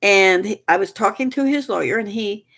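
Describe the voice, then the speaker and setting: An older woman telling a family story in a casual, rambling way, full of restarts and fillers, and getting animated as she relives events. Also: mid-range voice, normal speed, vocal fry. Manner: animated, rises sharply when reliving moments.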